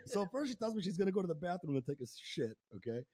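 A man's voice: sits high, fast, breathy edge, no room sound. Profane storytelling man, dry close sound. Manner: profane, animated storytelling with impressions. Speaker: podcast host. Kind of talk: casual storytelling chat.

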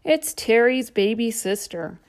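Slow, higher-voiced woman reading to kids. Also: animated, darkish tone. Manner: playful guessing-game reading. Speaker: storyteller. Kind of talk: children's storybook read-aloud.

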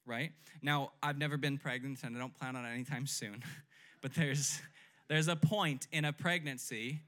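A man's voice: medium pitch, normal speed, fairly bright tone. A young adult man preaching a sermon in a conversational way, often asking his listeners "right?" and leading them in call-and-response. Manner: leads congregation call-and-response. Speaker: pastor.

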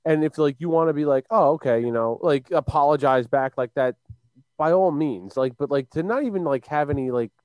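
A man's voice: on the high side, fairly quick, darkish tone, dry recording. A man co-hosting a casual sports podcast, talking emphatically, swearing, and filling with "like". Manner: emphatic, profane, many "like" fillers. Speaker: podcast co-host.

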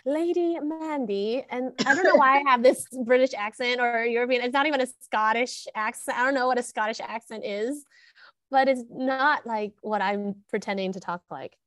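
A woman in her thirties chats with a friend in an animated, giggly way, often trailing off mid-sentence. Her voice sits a little high. The sound is dry and close. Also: moderate pace, no room sound. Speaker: podcast co-host. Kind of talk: casual chat.

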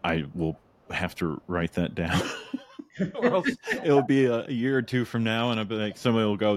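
A man hosting a podcast in casual conversation, chatty and quick to laugh, acting out his own thoughts in little asides. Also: on the low side, lively intonation. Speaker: podcast host. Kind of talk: casual interview chat.

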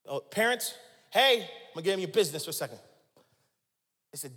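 A man in his forties preaching a sermon, swinging from hushed lines to shouts and calling out to the congregation. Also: fairly high pitch, big pitch swings, a little fast, long pauses, big-room sound. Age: 40s. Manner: dramatic swings from hushed to shouting, call-and-response with the crowd. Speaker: pastor.

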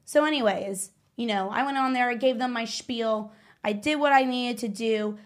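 A woman's voice: on the high side, normal speed. A woman guest in a casual chat, telling stories in a playful, brash way. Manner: animated storyteller, playful and brash.

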